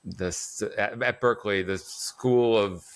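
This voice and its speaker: Low-voiced man, halting guest. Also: steady tone, clean tone. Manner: halting, with many "uh"s and restarts. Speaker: guest, psychotherapist and author. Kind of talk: conversational interview answers.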